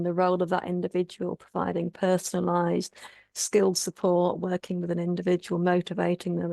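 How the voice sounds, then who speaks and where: Woman panelist, pretty flat and a bit gravelly, measured and firm. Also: lowish voice, dry recording. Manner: measured and emphatic. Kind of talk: panel discussion answer.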